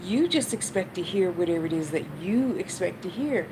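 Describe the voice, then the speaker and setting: With a fairly low, expressive voice at a moderate pace, an American woman running a spiritual channel gives her viewers frank, informal advice and curses without restraint. The clip was made at home with a fan going, and both fan noise and traffic come through loudly.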